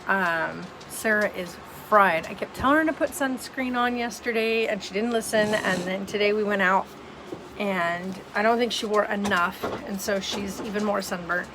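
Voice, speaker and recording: A woman's voice: mid-range voice, normal speed, noisy background. A tired, yawning woman vlogging casually from home, rambling with lots of ums. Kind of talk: casual vlog chat.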